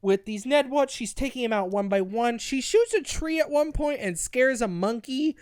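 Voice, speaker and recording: A man's voice: very high-pitched, lively intonation, normal speed, smooth, no echo, studio quality. A man co-hosting a casual review chat, crude and sarcastic, often restarting his sentences. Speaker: podcast co-host.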